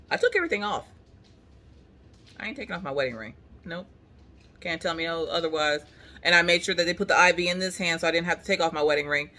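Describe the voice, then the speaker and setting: Woman, young adult, bright and forceful voice, comic, dramatic storytelling, casual chat from the couch. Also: on the low side, lively intonation, fast talker. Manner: dramatic, comic, acts out the people in her story. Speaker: craft vlogger. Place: at home on a couch.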